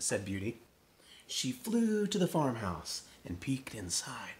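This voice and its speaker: Man reading a picture book aloud, slow, lively ups and downs, gentle and playful. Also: medium pitch, echoey room, a little hiss or hum. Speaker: storyteller.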